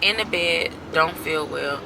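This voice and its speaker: A woman's voice: deep voice, measured pace, gravelly, background noise. A woman in her thirties casually venting to her camera, exasperated and emphatic, repeating herself and swearing freely. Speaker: vlogger.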